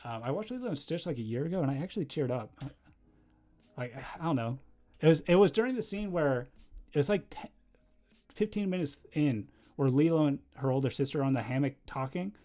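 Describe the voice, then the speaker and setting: A young man chatting casually on a livestream while drawing, rambling and easily distracted, breaking into quick laughs. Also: a little high, animated, dark tone. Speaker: livestreamer and animator.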